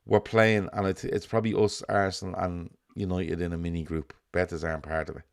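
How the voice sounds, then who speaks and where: A man's voice: deep voice, little pitch movement, fairly quick, gravelly. A man with a Dublin accent co-hosting a football fan show, chatting casually, swearing freely and telling rambling stories. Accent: Dublin Irish. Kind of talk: casual podcast chat.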